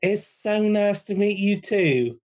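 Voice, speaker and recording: A man voicing a friendly, eager young woman scholar in a tabletop game, speaking in a sweet, soft tone. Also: high voice, expressive, slow pace, pitched above the performer's own voice.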